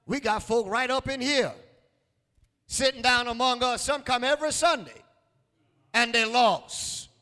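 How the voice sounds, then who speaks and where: High-voiced preacher shouting in a hall. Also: male voice, unhurried, pauses often. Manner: call-and-response preaching, repeats lines, rising to shouts. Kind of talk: sermon. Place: church sanctuary.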